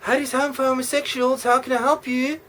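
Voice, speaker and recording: A man's voice: extremely high pitch, little pitch movement, a little fast, fairly bright tone, voice pushed up. A man voicing a prim, eager phone receptionist in a polite sing-song.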